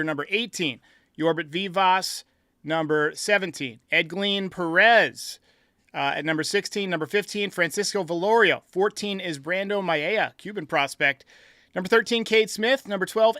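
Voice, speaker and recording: A man hosting a sports podcast, talking in an energetic, upbeat way and laughing easily. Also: sits high, smooth, no echo, clean studio sound. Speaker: podcast host. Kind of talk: casual sports podcast talk.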